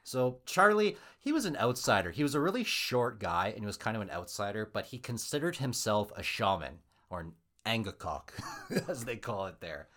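Low-voiced man telling a story with wry jokes. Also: big pitch swings, normal speed, fairly bright tone. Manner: wry, joking asides. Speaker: podcast host, storyteller. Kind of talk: casual comedic storytelling.

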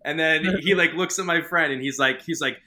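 A man's voice: a little high, a little fast, pushed and bright. A man with a Boston accent, a podcast guest telling stories in casual, profane, filler-heavy chat. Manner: rambling, profane, many fillers.

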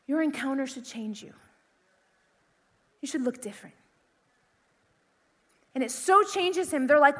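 A woman's voice: extremely high pitch, measured pace, long pauses, a bit bright, long reverb tail. A woman preaching to a youth crowd, passionate and conversational, with lots of repetition. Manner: impassioned, conversational, full of repetition. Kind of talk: sermon.

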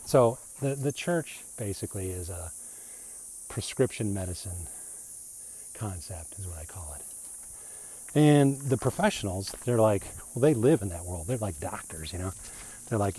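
A man's voice: fairly low pitch, lively intonation, normal speed, mellow, slight background noise. A man in a casual, rambling monologue who keeps slipping into mocking put-on voices when he quotes other people. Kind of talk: casual monologue on reading the Bible.

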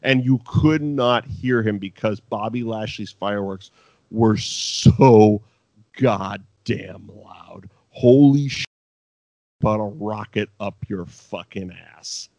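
A man co-hosting a podcast, talking in a profane, animated, casual way. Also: fairly low pitch, slow pace, no echo, dull audio. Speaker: podcast co-host. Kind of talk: casual chat.

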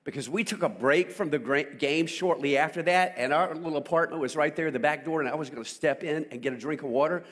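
High-voiced animated male preacher. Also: quick pace, few pauses. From South Carolina, US. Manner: animated storytelling with call-and-response. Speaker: pastor. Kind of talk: sermon. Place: church.

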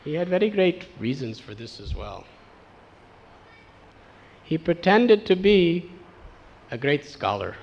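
A man giving a devotional storytelling sermon, animated and acting out the voices of the people in his tale. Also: on the high side, slow, pauses often, lo-fi sound. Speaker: spiritual teacher.

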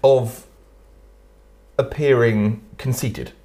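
A man's voice: mid-range voice, steady tone, extremely slow, mellow. A young man co-hosting a casual podcast, joking and teasing, stammering now and then. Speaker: podcast co-host. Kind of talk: casual chat.

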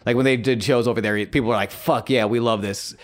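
A man co-hosting a casual wrestling podcast, excitable and profane, telling stories with self-mocking flair. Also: mid-range voice, quick pace. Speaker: podcast co-host.

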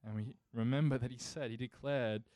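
A man delivers a sermon in a mellow, warm, medium-pitched voice, recorded dry and close with no room sound. He speaks briskly and earnestly with fairly even intonation, building his points into emphatic rhetorical questions like a pastor in the pulpit.

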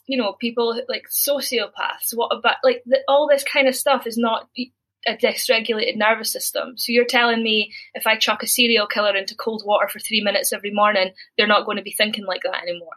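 A woman from Scotland with a diluted Scottish accent, chatting as a lively podcast guest. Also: a little high, a little fast, low-quality recording. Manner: lively storyteller, laughs easily. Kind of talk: casual podcast chat.

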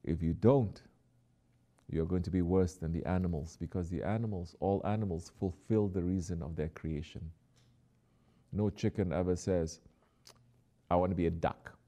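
A man with a low-sitting voice preaches a sermon at a moderate pace, exhorting his listeners. He drops into soft, quiet asides before rising again to emphatic lines.

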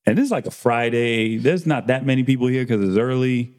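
A man's voice: medium pitch, fairly quick, a little mellow. A man telling a barbershop story in casual chat, acting out the dialogue and swearing freely. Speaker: barber and podcast host.

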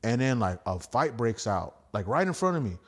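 A young man, a stand-up comic guesting on a podcast, telling wild party stories in a rambling, profane, animated way. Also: mid-range voice, normal speed. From Houston area. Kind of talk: casual storytelling chat.

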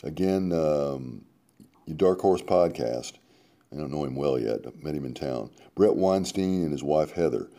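A mellow, unhurried bass voice belongs to a man hosting a radio show, expressively reading a column aloud with running commentary. Between the quoted passages he drops sarcastic asides, swinging dramatically from emphatic to muttered.

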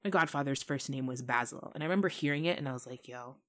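A woman podcast host in casual chat, telling stories in an animated way and laughing often. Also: rumbling low, quick pace.

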